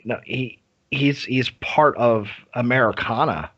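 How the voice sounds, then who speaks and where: A man's voice: medium pitch, unhurried, fairly bright tone, husky. A man co-hosting a film podcast, talking casually and enthusiastically with frequent restarts and the odd curse. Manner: enthusiastic, profane, hesitant with many restarts. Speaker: podcast co-host. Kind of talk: casual film review chat. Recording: dull lo-fi sound.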